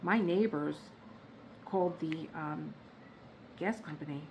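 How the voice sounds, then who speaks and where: A woman vlogging from her home workspace, telling stories in a chatty, animated way and laughing at her own jokes. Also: low-pitched, slow, highs cut off, slight background noise. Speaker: diamond painting vlogger. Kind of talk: casual storytelling chat.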